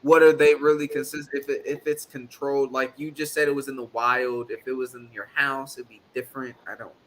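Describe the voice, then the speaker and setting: A man's voice: medium pitch, flat delivery, a little fast, a bit bright, a little hiss or hum. A man hosting a casual livestream chat in a loose, rambling way, with a drawl and lots of filler. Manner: laid-back, rambling, with filler "uh"s. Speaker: livestream host.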